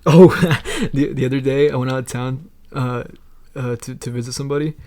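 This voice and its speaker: Gravelly young man telling rambling stories. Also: mid-range voice, steady tone, moderate pace, warm tone. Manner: rambling storytelling, laughs often, swears a lot. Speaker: podcast co-host. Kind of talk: casual chat.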